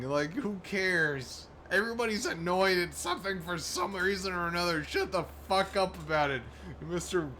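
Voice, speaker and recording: A man's voice: sits high, normal speed, a little hiss or hum. A man streaming live, ranting and swearing with lots of restarts and laughter. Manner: animated, swears often, laughs mid-sentence; restarts and repeats words as he rants. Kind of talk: profane ranting commentary.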